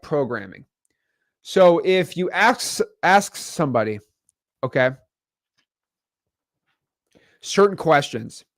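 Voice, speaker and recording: Lively man coaching on camera. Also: fairly high pitch, no room sound, clean studio sound. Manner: animated, tag questions like okay and right. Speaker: real estate wholesaling coach. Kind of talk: casual teaching to camera.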